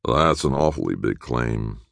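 A sly, unruffled man drawls his words slowly and smoothly, as a male reader puts him on. The voice sits very low with a gravelly rasp, close and dry. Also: lively intonation, fairly bright tone, dry recording, full character voice. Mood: calm, needling. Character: smooth, sly middle-aged man with a relaxed, unhurried manner.

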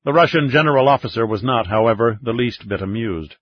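A man narrating a thriller audiobook in a steady storytelling voice. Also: mid-range voice, a little fast, dry recording, lo-fi sound. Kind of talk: scripted narration.

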